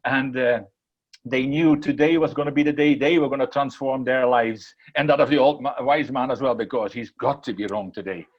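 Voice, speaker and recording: A man's voice: medium pitch, steady tone, normal speed, lo-fi sound. A man giving an inspirational talk, repeating phrases earnestly and then telling a parable. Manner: earnest, repetitive, emphatic. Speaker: motivational speaker.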